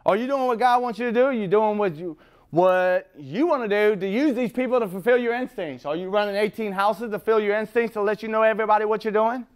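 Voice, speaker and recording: A high-sitting, clear and resonant male voice speaks fast. The middle-aged man is at a recovery meeting, giving a rambling, blunt, profane talk in which he swears freely and laughs at himself.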